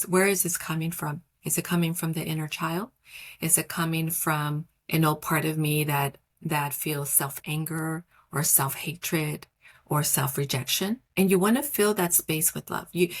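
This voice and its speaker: A woman wellness coach speaking in a soft, slow, affirming way, with gentle repetition, in a podcast conversation. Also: lowish voice. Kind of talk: guided reflection and coaching talk.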